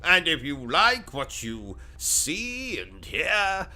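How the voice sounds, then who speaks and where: Give me a pompous British gaming host ranting slowly with a bright, animated voice. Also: male voice, on the high side. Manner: pompous, insulting, over-the-top rants. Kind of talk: comedic livestream commentary.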